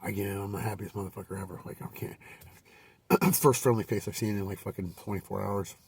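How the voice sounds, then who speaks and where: A man with a husky, gravelly, somewhat low voice tells a rambling personal story, cursing constantly and restarting his sentences. He sits a little back from the microphone. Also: flat delivery, quick pace, a little mellow, no room sound, far from the mic. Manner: rambling, profane, many fillers and restarts.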